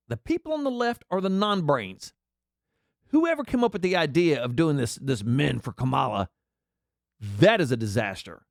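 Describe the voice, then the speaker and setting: A man's voice: on the high side, no room sound, clean studio sound. A man delivering a sarcastic, mocking political commentary rant. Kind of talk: ranting commentary.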